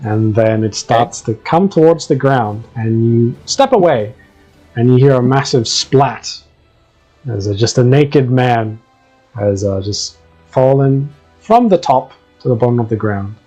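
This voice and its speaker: A man runs a tabletop game, describing each scene in an easygoing way full of small pauses and fillers. His voice is warm and mellow. Light music plays faintly behind him. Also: mid-range voice, low-quality recording. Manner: relaxed, filler-heavy storytelling. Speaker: game master.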